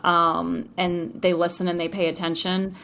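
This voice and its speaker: A woman's voice: on the low side, little pitch movement, measured pace, gravelly, fairly bright tone. Woman, entrepreneur, podcast guest, enthusiastic, chatty, filler words. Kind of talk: podcast interview.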